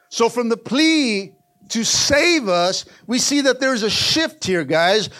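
A man's voice: sits high, fairly bright tone. A male pastor preaching a sermon in a church, fervently urging the congregation to answer back with repeated calls. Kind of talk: sermon with call-and-response. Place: church sanctuary.

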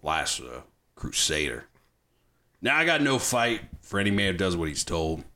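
A man putting on the voice of a bitter, world-weary male army sergeant in a low muttered drawl. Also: big pitch swings, normal speed, pushed and bright, full character voice.

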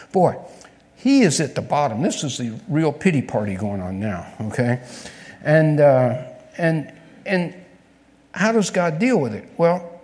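A man's voice: a little high, sing-song, a little slow, darkish tone. A man preaching a conversational sermon, telling a story and asking his listeners questions. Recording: long reverb of a large hall.

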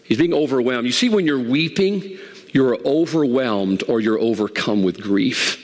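A middle-aged man preaching a sermon as pastor, animated, swinging from loud emphatic highs to soft asides. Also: moderate pace. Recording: long hall reverb.

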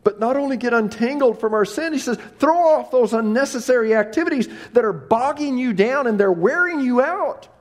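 Animated preaching man, lively pitch. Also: fairly quick, few pauses. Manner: animated preaching, swinging between hushed and loud, mocking prayers. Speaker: pastor. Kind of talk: sermon.

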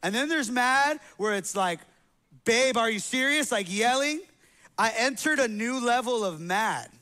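High-voiced pastor telling a funny story. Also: male voice, expressive, measured pace, pushed and bright. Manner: conversational and humorous, slangy asides to the congregation. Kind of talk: sermon with personal storytelling. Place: church sanctuary.

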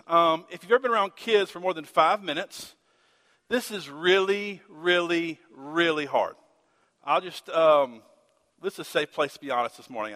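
A man's voice: high voice, bright, forceful tone. A man, a pastor preaching a sermon and telling a candid, self-mocking personal story in a church. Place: church sanctuary. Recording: reverberant church hall.

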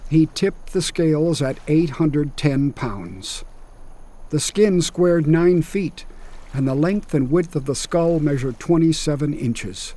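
A man giving a scripted first-person narration in a measured, matter-of-fact way. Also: a little high, dark tone.

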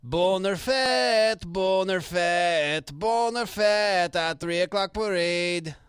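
A man playing a lanky young Canadian store worker who speaks with a terrible put-on French accent, in a slow, hammy, self-assured manner. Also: high-pitched, a bit bright, smooth, dry recording, clean studio sound, exaggerated voice.

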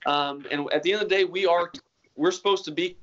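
A man's voice: high voice, brisk, fairly bright tone, dull audio. A man being interviewed about hunting, talking in an earnest, rambling way with many restarts. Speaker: hunter guest. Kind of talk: casual interview talk.

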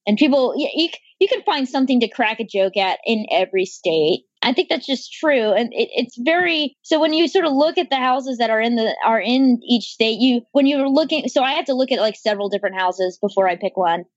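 Young woman, chatty guest, high-ish voice, lo-fi dry sound. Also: no room sound. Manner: chatty, quick asides, frequent fillers and restarts. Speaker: podcast guest, architecture blogger. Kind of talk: casual interview chat.

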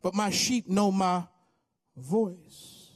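This pastor's voice sits high, and he draws out his words. An American man in his fifties, he gives a fervent sermon and altar call in a church sanctuary, repeating his pleas in impassioned exhortation.

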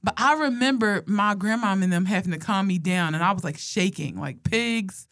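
In a clean, echo-free studio recording, a young woman with a medium-pitched voice talks at a normal speed with few pauses. She tells comic stories from her own life in a relaxed, animated way, laughing a lot and cursing freely.

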